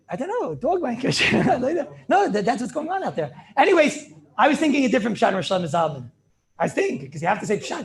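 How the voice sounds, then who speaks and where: Animated high-voiced rabbi teaching. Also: male voice. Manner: animated, repeats words and restarts, asks questions, laughs often. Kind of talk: lively Talmud class lecture.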